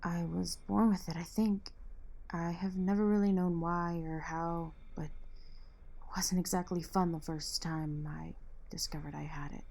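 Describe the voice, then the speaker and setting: Woman as young vigilante, husky and slow, dry and teasing. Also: lowish voice, level tone, darkish tone. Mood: wry. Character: wary young female street vigilante. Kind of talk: fan audio drama.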